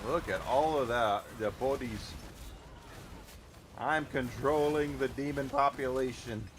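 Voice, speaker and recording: A man's voice: medium pitch, slow, slight background noise. A man streaming a game live, chatting casually and thanking viewers as he plays.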